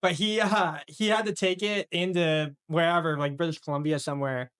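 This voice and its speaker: Male podcast co-host, casual rambling storyteller, slightly high pitch. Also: fairly even intonation, normal speed, a bit bright, clean tone. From Wisconsin. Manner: rambling, laid-back storytelling. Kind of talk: casual chat.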